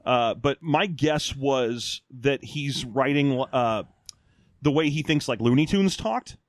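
A man co-hosting a podcast in casual chat, animated and mock-ranting with plenty of swearing. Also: medium pitch, takes it slowly, dry recording, studio quality. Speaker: podcast co-host.

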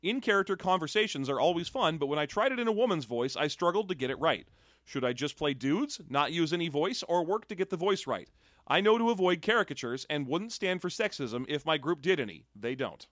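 A man co-hosting a casual podcast about tabletop games, reading out listener questions with quick, playful humor. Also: animated, a bit bright, no room sound, studio quality. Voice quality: calls his voice a soothing baritone. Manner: quick, wry, playful delivery. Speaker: podcast co-host.

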